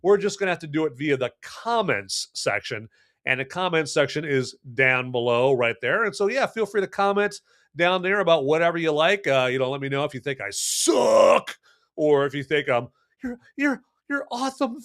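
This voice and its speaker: Guy hosting a movie review livestream, bright kinda high voice, jumps up and down in pitch a ton, chatty and goofy. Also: moderate pace. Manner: animated, playful, talks straight to viewers; lots of fillers and restarts, swings between loud and hushed. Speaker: movie review podcast host. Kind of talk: casual live-stream movie review.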